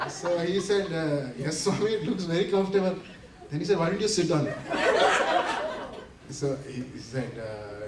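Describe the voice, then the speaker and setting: Brief: man, speaker at a community center, animated storyteller who laughs through the punchlines; recorded from afar in an echoey hall. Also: on the high side, normal speed, background noise. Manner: animated, laughing often while acting out quotes. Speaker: invited speaker. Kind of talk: storytelling talk to an audience. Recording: roomy hall from a distance, faint ambience.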